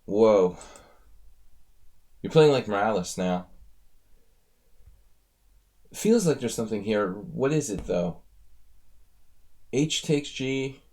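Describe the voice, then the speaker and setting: A man's voice: lowish voice, very animated, slow, long pauses, darkish tone. A man coaching chess on a live stream, casually analyzing viewer games and thinking aloud as he talks to his audience. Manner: thinks aloud, chatty, addresses viewers directly.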